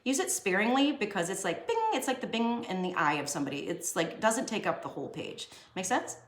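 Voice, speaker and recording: Expressive and fairly quick, this young woman's medium-pitched voice guides a casual drawing lesson. The art teacher chats, jokes and talks to herself during shading, with the room giving off an echo.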